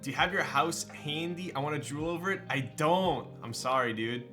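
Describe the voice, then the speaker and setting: A young man from Southern California chatting casually with viewers on a live stream, relaxed and slangy, full of fillers like "um" and "like", with light music playing behind him. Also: on the high side, normal speed. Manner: laid-back, slangy, with frequent fillers and laughs.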